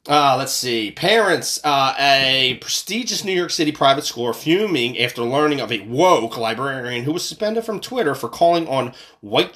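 A fired-up American man in his thirties rants on his own podcast, swearing freely and repeating himself when he gets heated. His pitch swings widely, leaping up for sarcastic jabs and dropping low for grumbled asides. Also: bright, forceful tone. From United States. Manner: profane, angry, ranting with sarcastic outbursts. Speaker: podcast host. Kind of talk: casual political rant.

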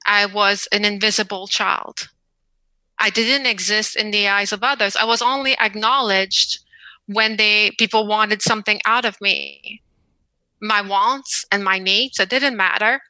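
A woman shares a personal story during an interview, earnest and measured, lingering on the key words. Her voice is strikingly bright and forward. The sound is dry and close, with no room around it. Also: mid-range voice, no room sound, low-quality recording. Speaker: podcast guest.

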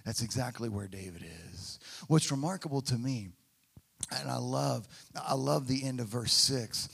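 Dynamic pastor preaching a sermon. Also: male voice, medium pitch, vocal fry. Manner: dynamic, swings from hushed to loud and emphatic; acts out quoted voices of people.

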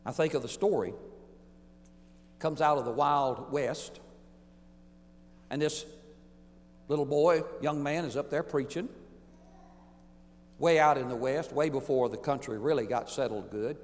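A pastor preaching a sermon emphatically, swinging between booming declarations and hushed asides. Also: male voice, a little slow, long pauses, long reverb tail.

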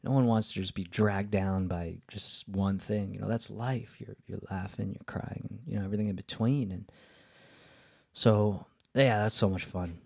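A man's voice: lowish voice, steady tone, moderate pace, creaky, husky, dry recording. A man hosting a podcast, telling a casual travel story in a rambling way, with lots of fillers and restarts. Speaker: podcast host.

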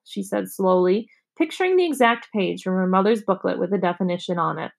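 A woman reads a children's chapter book aloud for a class, with a slightly gravelly edge to her voice. Her pitch sits in the middle range, and she lifts it for the kids' lines as she narrates. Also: fast, few pauses. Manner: expressive, raises pitch for children's dialogue. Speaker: teacher reading aloud. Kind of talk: storybook read-aloud.

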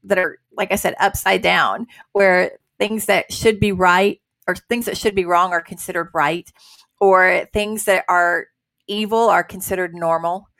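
A woman's voice: lowish voice, steady tone, unhurried, a bit bright, no echo. A woman hosting a casual Christian talk, earnest and conversational with many fillers. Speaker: host.

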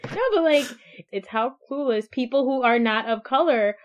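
A young woman co-hosting a podcast, telling stories in a chatty, animated way full of "like.". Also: a little high, moderate pace. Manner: chatty, animated storytelling with many "like" fillers. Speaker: podcast co-host. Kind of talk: casual chat. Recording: dull lo-fi sound.

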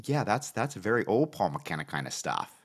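A man's voice: deep voice, very animated, moderate pace, slightly rough. A man in his fifties interviewing a guest, cutting in with questions. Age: 50s. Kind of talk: casual interview chat.

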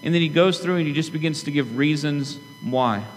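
A man's voice: fairly high pitch, brisk. Earnest preaching man in a reverberant church. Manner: conversational, earnest preaching with frequent asides to the congregation. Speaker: pastor. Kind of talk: sermon. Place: church sanctuary. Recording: long hall reverb with faint hum.

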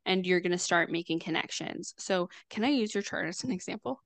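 A woman's voice: lowish voice, brisk, no room sound. A woman astrologer explaining things casually on a video call, chatty, with lots of fillers and restarts. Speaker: astrologer guest.

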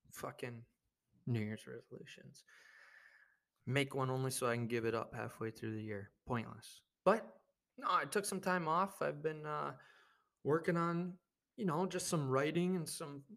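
A young man hosting his own podcast, rambling through a jokey, profane monologue with sudden loud bursts. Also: on the high side, creaky. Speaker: podcast host. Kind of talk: casual comedic monologue.

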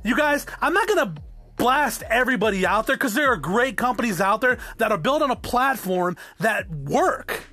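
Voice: mid-range voice, expressive, normal speed, sharp tone, no room sound, faint music behind. A podcast host and business owner giving a blunt, profane solo monologue, often checking in with the listener by asking "okay?".

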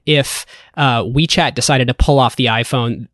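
Male podcast guest, mid-pitched, measured analytical delivery, dry recording. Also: a bit bright, no echo. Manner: measured and analytical, with frequent fillers. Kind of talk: casual podcast discussion.

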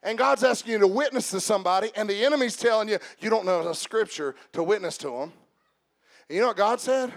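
A high-pitched man delivers a sermon straight to his congregation. He swings from slow, shouted emphasis to quiet, joking asides. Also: expressive, gravelly. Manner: addresses the congregation directly with humor. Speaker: preacher.

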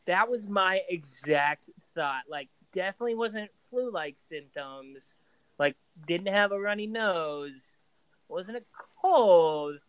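A man's voice: high voice, animated, slow, smooth, no room sound, poor audio. A young man co-hosting a casual podcast, telling rambling stories full of fillers. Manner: rambling storyteller, many "like" fillers. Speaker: podcast co-host. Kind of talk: casual chat.

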